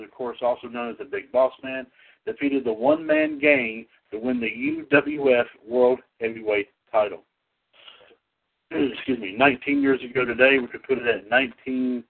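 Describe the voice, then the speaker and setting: Man, radio host, folksy chatty delivery, gravelly, lively pitch, phone-line sound. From North Carolina area. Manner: folksy, chatty, coughs and clears throat, lively. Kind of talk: casual radio hosting and history segment. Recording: tinny phone-line audio.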